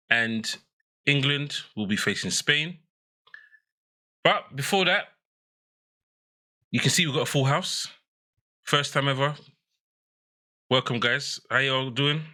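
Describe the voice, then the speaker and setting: A man's voice: medium pitch, pushed and bright, low-quality recording. A man hosting a casual football podcast, jokey and playfully teasing. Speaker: podcast host.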